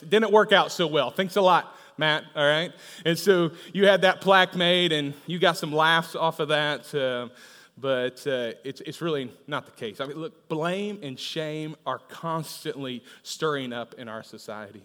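In a church auditorium with the long reverb of a large hall, a pastor preaches a sermon in a higher, pushed and bright voice at an unhurried pace. He talks conversationally, tosses in frequent "right?" asides, and tells humorous stories.

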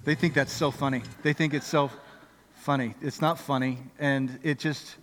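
A middle-aged man preaching a sermon, telling a story in a lively, conversational way, going from loud excitement to quiet earnest appeals. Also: mid-range voice, normal speed, slight background noise. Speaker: pastor. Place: church auditorium. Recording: music under voice in a reverberant hall.

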